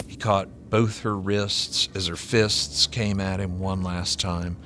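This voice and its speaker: Low slow guy reading his own story, bright edge to it, faint music under. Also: steady tone, slight background noise. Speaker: author reading and guest. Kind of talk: reading his fiction aloud.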